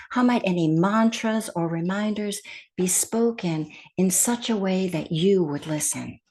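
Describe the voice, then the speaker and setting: A woman meditation teacher speaking at an unhurried, deliberate pace. Her voice sits at an ordinary middle pitch, gentle and soft-spoken, and she sometimes sinks into a hushed whisper. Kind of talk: guided meditation talk.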